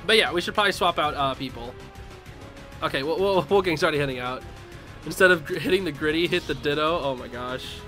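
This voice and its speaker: A young man live-streaming a game, commenting casually and yelling and laughing at the action. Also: fairly high pitch, fast, faint music behind. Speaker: streamer playing online matches.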